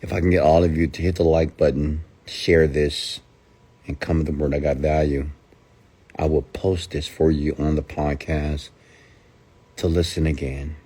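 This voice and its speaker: A man's voice: extremely low pitch, little pitch movement, normal speed, warm tone, slightly rough. A man giving a motivational rant who talks emphatically, repeats his points and asks rhetorical questions. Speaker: motivational speaker.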